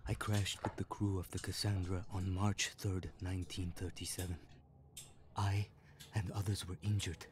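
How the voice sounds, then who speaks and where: An actor playing an injured survivor left behind, reading his farewell note in a calm, solemn tone. His voice sits very low, with faint noise underneath, like a voiced note in a game. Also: normal speed, lightly acted. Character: injured stranded man writing a farewell note, grave.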